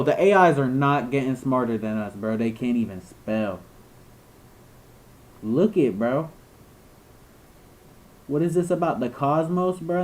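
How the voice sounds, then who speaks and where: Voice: mid-range voice, darkish tone, rough recording. A young adult creator delivering screen reaction commentary. They talk in heavy slang and rant with disbelief at what they see. Casual swearing runs all through the delivery. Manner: slangy, incredulous ranting. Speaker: video creator.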